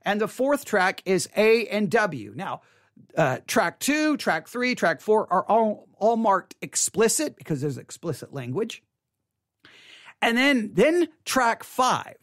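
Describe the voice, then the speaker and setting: Lively, chatty music commentator. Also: mid-range voice, slow pace, dry recording, clean studio sound. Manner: chatty, repeats words, retells own reactions. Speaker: online commentator on faith and music. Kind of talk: casual spoken commentary.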